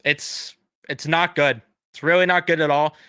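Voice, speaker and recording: A young man with a bright, crisp, fairly high voice rants casually on a live stream, swearing bluntly and heaping on sarcastic apologies. His intonation is fairly even and his pace moderate. The sound is dry and close, with no echo.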